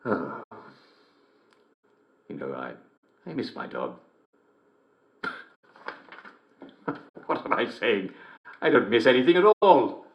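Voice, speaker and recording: A chuckling English radio joke-show host. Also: male voice, mid-range voice, lively intonation, slow, pauses often, lo-fi sound. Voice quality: constant chuckling, theatrical cheer. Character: jovial radio show host, male middle-aged, relentlessly cheerful. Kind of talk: game character radio broadcast. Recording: game dialogue recording.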